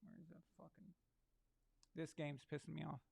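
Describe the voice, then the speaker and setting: A man's voice: fairly high pitch, fairly even intonation, normal speed, creaky, darkish tone, slightly rough. A man hosting a live sports stream, ranting crudely and mockingly while he watches a game. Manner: mocking, sarcastic asides. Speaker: sports livestream host.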